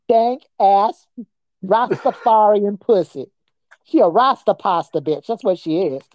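A woman's voice: mid-range voice, a little slow, darkish tone, no room sound, lo-fi sound. A woman guest on a comedy podcast, delivering a crude, profane roast in a mocking voice and breaking into nonsense singsong chants.

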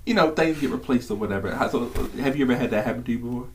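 A man's voice: medium pitch, rapid-fire, darkish tone, a little hiss or hum. A man co-hosting a podcast in casual chat, asking questions and joking around with playful voices. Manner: joking, asks questions, does mock customer-service voices. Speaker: podcast co-host.

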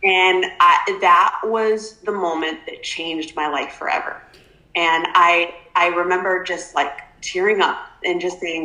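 Woman, emotional personal story, forceful bright tone, echoey room. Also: lowish voice, a little slow. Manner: animated, emotional, filler-heavy. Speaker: podcast guest. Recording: roomy echo.

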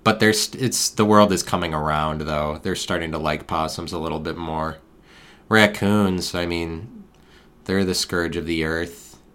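Guy with a low voice rambling on his podcast, deadpan, wandering off topic. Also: measured pace. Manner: meandering, deadpan absurd tangents. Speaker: podcast host. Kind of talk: rambling solo podcast musing.

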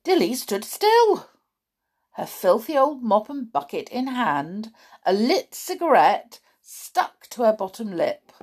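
Expressive woman reading a children's story. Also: fairly high pitch, slow. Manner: expressive, dramatic. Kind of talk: reading a children's book aloud.

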